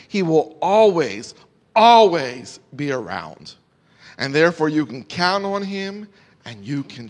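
Bright-voiced pastor preaching in a reverberant hall. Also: male voice, fairly high pitch. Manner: emphatic preaching with repeated phrases and swings in loudness. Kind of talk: sermon. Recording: long reverb of a large hall.

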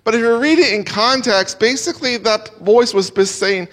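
A man's voice: very high-pitched, normal speed, few pauses. A man preaching an expository sermon, swinging his voice up and down for emphasis. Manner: animated, rises and drops sharply for emphasis. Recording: long hall reverb.

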